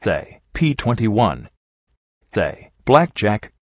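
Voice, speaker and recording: A man's voice: fairly low pitch, very animated, very slow, no echo, full character voice. Man reading as a flustered pony stallion. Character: male pony companion, flustered. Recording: dull lo-fi dry recording.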